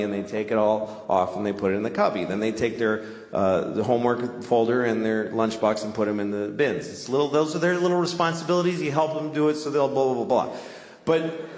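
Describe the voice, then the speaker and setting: A man from Boston doing a crude, ranting stand-up comedy set on a club stage. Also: medium pitch. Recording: roomy club with audience noise.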